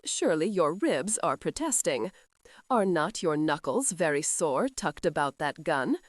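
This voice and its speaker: Soft-spoken polite valet, calm and soothing, done by a lady reader. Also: low voice, measured pace, no echo, clean studio sound, full character voice. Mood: gentle. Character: calm gentle male manservant.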